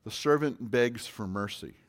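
A man preaching a sermon in a conversational way, with sudden loud emphasis on key words. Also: medium pitch, a little slow. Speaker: pastor.

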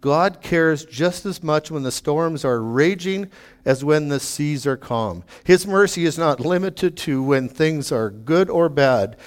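A man's voice: a little high, expressive, a little slow. A man, a pastor, giving an earnest sermon with emphatic, repeated pleading questions to his congregation.

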